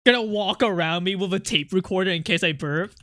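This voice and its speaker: A live streamer talks casually with chat in a bright, sharp voice, close on a desk microphone. The sound is dry, with no room echo. The talk rambles from joke to joke, swearing freely and breaking into laughs. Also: medium pitch, fairly quick. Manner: rambling and joking, swears a lot, laughs often. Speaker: art streamer chatting with viewers.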